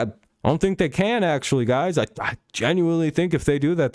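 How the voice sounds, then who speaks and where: A man's voice: lowish voice, a little mellow, no echo, clean studio sound. A man hosting a casual live stream, rambling and swearing freely, with chuckles and frequent restarts. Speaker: stream host.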